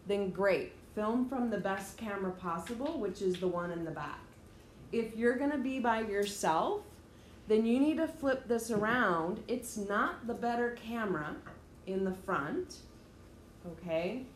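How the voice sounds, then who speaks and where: Woman teacher, mid-pitched, direct and emphatic lecture style, roomy echo with faint ambience. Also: slight background noise. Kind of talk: classroom lecture. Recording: echoey room, faint ambience.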